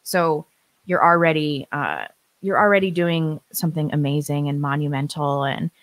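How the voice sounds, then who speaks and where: Woman with a low voice, live-stream co-host, lively storyteller, dry close mic. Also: normal speed, no room sound. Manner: animated storyteller who acts out quotes, laughs often. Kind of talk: casual chat, telling a birth story.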